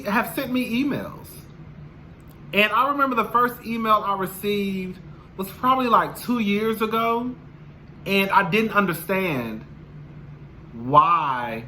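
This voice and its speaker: A man vlogging casually to camera, sassy and expressive, calling his listeners "girl". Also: a little high, slight background noise.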